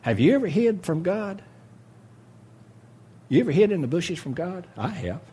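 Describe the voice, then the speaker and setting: A man's voice: high-pitched, sing-song, normal speed, warm tone, husky. A man preaching a sermon in a folksy, joking way, reading scripture and retelling the story with voices for each character.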